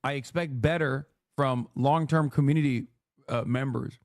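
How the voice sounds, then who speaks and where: A man's voice: medium pitch, normal speed, no echo, studio quality. Angry man ranting with heavy swearing. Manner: angry, profane, dismissive. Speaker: streamer in a played clip. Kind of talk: ranting stream clip.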